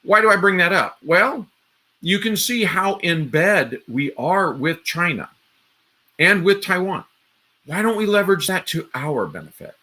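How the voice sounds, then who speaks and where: A man's voice: high voice, sing-song, measured pace, sharp tone. A man hosting a live stream, giving casual political commentary in a rambling way, with frequent restarts and asides to his viewers. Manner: rambling, restarts often, talks straight to viewers.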